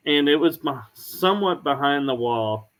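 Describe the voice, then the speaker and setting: A man hosting a podcast, telling stories in a casual, unhurried way. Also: a little high, lively intonation. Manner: storytelling, unhurried. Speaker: podcast host. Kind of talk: casual chat.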